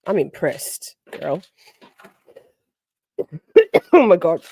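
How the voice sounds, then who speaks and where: A woman's voice: on the low side, unhurried, pauses often, warm tone, breathy edge, no echo, studio quality. An Australian woman hosting a casual livestream from home, bubbly and swearing freely as she greets viewers by name. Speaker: livestream host. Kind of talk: casual live-stream chat with viewers.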